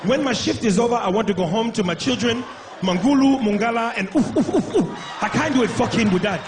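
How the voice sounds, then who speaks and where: A man voicing a panicky, blunt male safari guide who shouts and curses. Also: very high voice, fairly quick, echoey room, a crowd in the background, voice pushed up. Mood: fed-up shouting. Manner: shouting, cursing, refuses outright. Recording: noisy live club recording.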